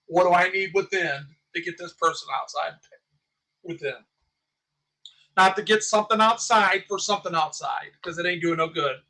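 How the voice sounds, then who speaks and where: A man's voice: high-pitched, normal speed, pushed and bright, poor audio. A man talking on his own channel in a passionate, agitated ramble, full of restarts and repeated words. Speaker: small channel YouTuber. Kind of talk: livestream commentary.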